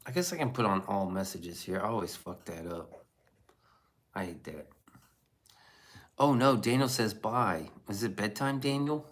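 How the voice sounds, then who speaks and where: A man's voice: lowish voice, a little slow, long pauses. A man streaming live, reading chat messages aloud and riffing on them in loose, profane, casual talk.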